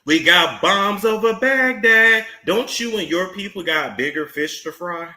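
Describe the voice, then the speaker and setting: A man's voice: sits high, animated, a little slow, bright, forceful tone. Sassy man in an echoey room. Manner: sassy, mocking, drawling asides. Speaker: commentary channel host. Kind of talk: celebrity gossip commentary.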